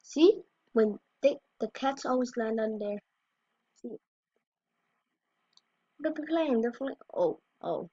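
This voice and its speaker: A woman's voice: a little high, expressive, slow pace, long pauses, warm tone, no room sound. A woman giving casual reaction commentary on fail clips as a YouTuber, exclaiming short reactions. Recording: dry, dull lo-fi recording.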